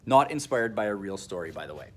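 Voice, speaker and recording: A male teacher explaining a classroom lesson to his students, speaking slowly and repeating himself. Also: fairly low pitch, sing-song. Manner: explaining slowly with fillers and restarts.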